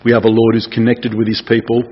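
Husky-voiced man preaching. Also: medium pitch, monotone, fast talker, muffled recording. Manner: chatty and playful, asks the room questions. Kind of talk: casual sermon.

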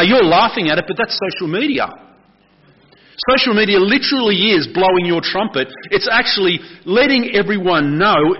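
An Australian man, a pastor, giving a lively, conversational sermon and asking the congregation questions. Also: sits high, husky, highs cut off.

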